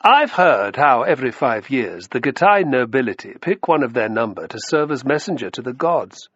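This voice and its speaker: A man voicing a smug, condescending aristocratic Roman politician in an audiobook reading, with a raised, loud, drawling delivery. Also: medium pitch, very animated, normal speed, breathy edge, no room sound, dull audio.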